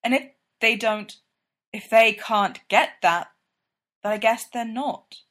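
A woman's voice: fairly high pitch, takes it slowly, a bit bright. A woman voicing an agitated young hockey player. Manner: emphatic, agitated protests. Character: young male hockey player, earnest and upset.

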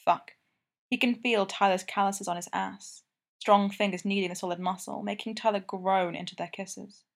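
Woman, audiobook narrator, romance novel, steady, intimate, mid-pitched. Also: moderate pace, gravelly.

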